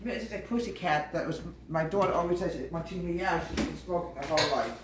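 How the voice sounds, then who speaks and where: A woman's voice: lowish voice, fast. A woman hosting a home baking video, chatting in a homespun way, calling her viewers folks and drifting into small talk as she works. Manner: chatty and homespun, often calls the viewers "folks" and wanders off topic. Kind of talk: casual cooking demonstration. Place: home kitchen. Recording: echoey kitchen with background noise.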